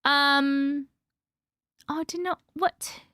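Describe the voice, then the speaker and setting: A woman's voice: sits high, steady tone, drawn-out words, bright, forceful tone, no room sound, studio quality. A woman hosting a livestream, chatting casually with viewers, greeting them by name and laughing often. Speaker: livestream host.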